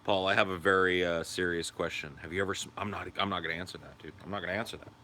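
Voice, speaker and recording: A low-voiced man with a bright, forceful tone hosts a casual livestream. He rambles, swears freely and answers viewer comments. A faint hiss of noise sits behind him. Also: steady tone, very fast. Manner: high sing-song baby talk to his dog. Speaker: livestream host.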